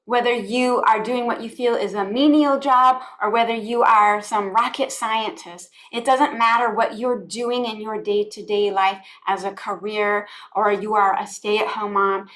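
A woman's voice: medium pitch, steady tone, measured pace, hardly any pauses, a bit bright. A woman guest on a podcast, a spiritual life coach from the United States, talking in an earnest, heartfelt way, often repeating phrases. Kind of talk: conversational podcast interview.

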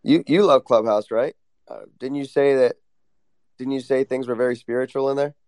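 A man telling stories in a casual online voice chat, animated and profane. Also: mid-range voice, normal speed, smooth, no room sound. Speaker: guest speaker.

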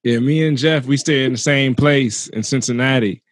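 A man's voice: medium pitch, moderate pace, dry recording, studio quality. A male comedian in casual chat, telling a rambling story in a laid-back way.

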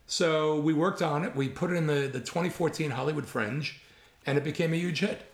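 This gravelly older man in his 60s has a New York accent and a voice on the high side, and he talks fairly quickly. A writer appearing as a guest in a storytelling interview, he tells anecdotes in an animated way, and the recording has a roomy echo.

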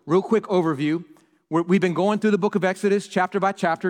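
Animated pastor in a reverberant hall. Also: male voice, sits high. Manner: animated storyteller, repeats words when excited. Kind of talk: sermon with personal storytelling. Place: church hall.

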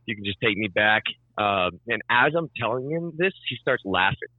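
A man's voice: on the low side, expressive, moderate pace, no echo, narrow, tinny audio. A young man telling a story in casual chat, swearing freely and acting out both sides of the conversation. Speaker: storyteller on a podcast.

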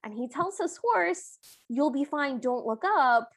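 A woman with a high, light voice chats her way through a film recap on a podcast. She keeps jumping into quick impressions of the characters as she tells the story. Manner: animated, acts out characters' lines while retelling. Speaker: podcast co-host. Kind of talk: casual chat recapping a film.

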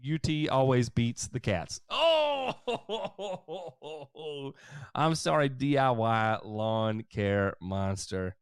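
Man, livestream host, casual chat reading, joking, mid-pitched voice, dry room. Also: sing-song, very slow, clean tone, no room sound, soft background music. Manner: joking, chatty, answers viewer comments. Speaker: lawn care show host.

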